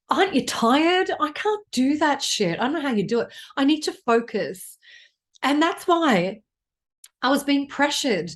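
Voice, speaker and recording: A middle-aged woman from Australia giving a casual, blunt card reading as a psychic astrologer, chatty and swearing freely. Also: high-pitched.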